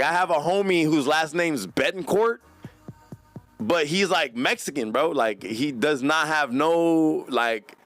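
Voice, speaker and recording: A man's voice: a little high, fairly bright tone, no room sound. A man hosting a podcast, talking in a rambling, slangy, profane way. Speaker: podcast host. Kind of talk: casual podcast chat.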